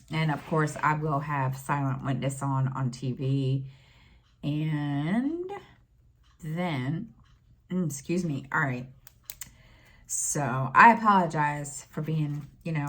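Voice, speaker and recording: A middle-aged woman talking in a casual personal vlog, halting and full of fillers, close to tears. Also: sits low, fairly bright tone, a little hiss or hum. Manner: halting, many fillers and restarts. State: tearful, near crying. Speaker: stitching vlogger.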